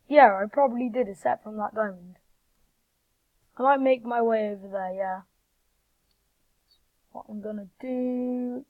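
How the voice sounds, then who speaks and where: Excitable woman gamer, gravelly lo-fi voice. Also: fairly high pitch, no echo. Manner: excitable, talks straight to viewers. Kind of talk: live gameplay commentary.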